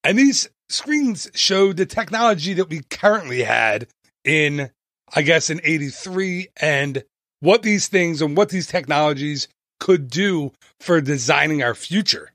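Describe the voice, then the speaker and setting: A man with a slightly raised pitch hosts a travel podcast in a chatty, playful way, tossing in jokey asides and little tangents. His voice sits close to the mic, and the sound is dry with no room echo. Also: expressive, unhurried, a bit bright. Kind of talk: casual podcast narration.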